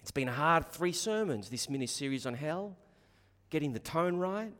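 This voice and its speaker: A man preaching a sermon with passion, surging to loud emphatic bursts and dropping to quiet low asides, often repeating words as he restarts a phrase. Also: lively intonation, moderate pace. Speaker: pastor. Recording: long hall reverb.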